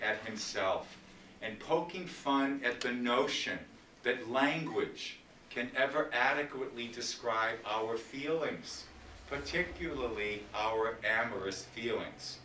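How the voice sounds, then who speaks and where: Man, lecturer, slow and theatrical sonnet reading, echoey room with a distant mic. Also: mid-range voice, bright, forceful tone. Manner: slow, dramatic recitation, chatty asides. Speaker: literature lecturer. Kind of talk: public lecture with recited sonnets. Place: library meeting room. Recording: roomy, distant, faint hiss.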